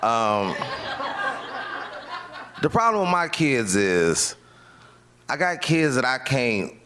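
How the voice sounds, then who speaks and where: A man's voice: mid-range voice, very animated, slow, a bit bright, slight background noise. A man doing a stand-up set at a comedy club, with a laid-back, drawling delivery. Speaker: stand-up comic.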